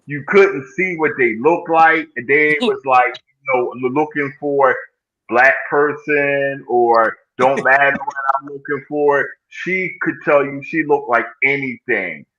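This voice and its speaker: A man in his sixties hosts a casual live group chat, telling stories at a measured pace and checking in with "right?" as he goes. His voice is medium-pitched with a sharp tone, and the recording is muffled.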